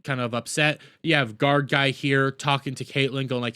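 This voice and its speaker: A man's voice: mid-range voice, measured pace, bright, forceful tone. A man casually recapping and reviewing a TV episode, rambling and sarcastic, openly exasperated.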